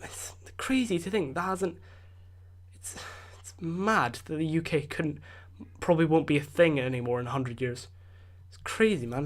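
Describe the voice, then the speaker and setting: A Scottish man with a fairly high voice hosts his podcast from home, tired and rambling. He rants in a loose, casual way, circling back with fillers and false starts. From Scotland. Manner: rambling, with many fillers and restarts. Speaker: podcast host. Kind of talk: casual solo rant.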